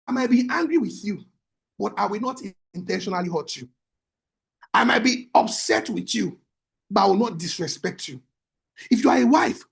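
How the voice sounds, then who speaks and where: A man, a marriage coach teaching in an emphatic, repetitive preaching style that breaks into shouts. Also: high-pitched, vocal fry.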